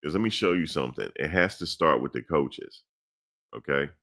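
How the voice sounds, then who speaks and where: Very deep, gravelly man ranting bluntly. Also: expressive, moderate pace, sharp tone. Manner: blunt, blustery, repetitive ranting. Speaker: sports commentary host. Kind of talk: casual sports rant.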